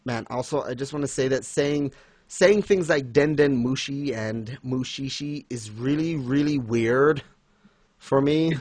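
A man casually chatting as co-host, animated and quick to laugh, acting out lines he retells. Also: mid-range voice, breathy edge, no room sound. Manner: animated, laughs often, acts out quotes. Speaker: podcast co-host. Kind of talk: casual fan discussion.

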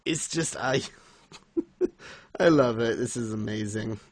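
A man with a medium-pitched voice takes it slowly as he recaps a manga chapter. He's a co-host on a podcast, and the talk is a casual manga review chat. He's enthusiastic and giggly, laughing often.

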